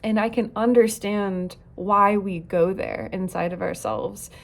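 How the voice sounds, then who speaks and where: A woman's voice: medium pitch, steady tone, a little slow, vocal fry. A woman teaching parents in an earnest, reflective way, now and then acting out short quoted lines. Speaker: parenting educator. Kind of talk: recorded talk on parenting.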